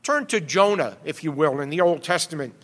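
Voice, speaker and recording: A man's voice: on the high side, lively intonation, brisk, fairly bright tone, long reverb tail. A man preaching an expository sermon, earnest and rising to emphatic exhortation.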